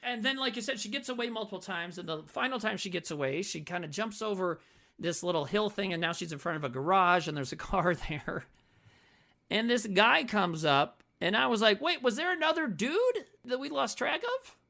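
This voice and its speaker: A man's voice: sits high, animated, brisk, vocal fry, bright, forceful tone. A man co-hosting a casual movie-review podcast, swearing freely and laughing often. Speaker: podcast co-host.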